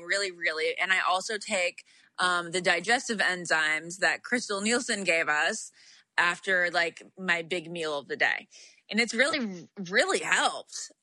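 A woman's voice: lowish voice, pushed and bright, no room sound, clean studio sound. A young adult woman co-hosting a podcast, telling stories casually with frequent laughs and lots of "like". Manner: chatty storyteller, laughs often, lots of "like". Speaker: podcast co-host. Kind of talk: casual chat.

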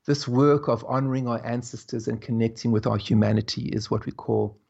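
A man as an interview guest, telling stories in a slow, reflective way with soft laughs. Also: medium pitch, flat delivery, creaky, highs cut off. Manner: slow, musing, laughs softly between thoughts. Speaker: guest, spiritual teacher. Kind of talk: reflective conversational storytelling.

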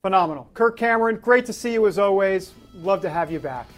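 A man hosting a casual political talk show, playful and theatrical, sometimes dropping into a low spooky voice. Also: fairly quick, faint music behind.

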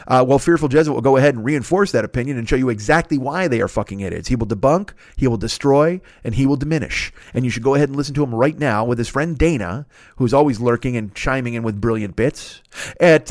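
A man's voice: mid-range voice, no echo. Male podcast host doing his own plugs, casual and swearing, dry close mic. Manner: loose, profane, rambling with self-corrections. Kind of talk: casual plugs and sponsor reads.

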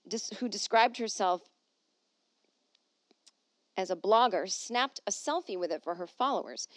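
Recording from home with no echo, a woman podcast host chats casually and reads an article aloud, adding wry, jokey asides. Her voice is mid-range.

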